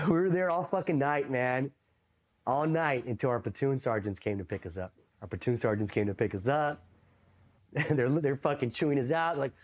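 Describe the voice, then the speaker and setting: A man in his thirties who grew up in East Los Angeles, a Marine veteran guest spinning stories in easy, swearing, animated talk. He slips into the voices of the people he quotes. His voice sits at an ordinary middle pitch. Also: a little fast. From East Los Angeles, USA. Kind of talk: casual storytelling interview.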